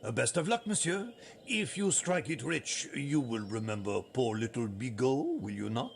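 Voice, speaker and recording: A man's voice: mid-range voice, sing-song, moderate pace, vocal fry, slight background noise. An actor playing an obsequious bike-rental man in a video game. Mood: wheedling. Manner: obsequious, wheedling.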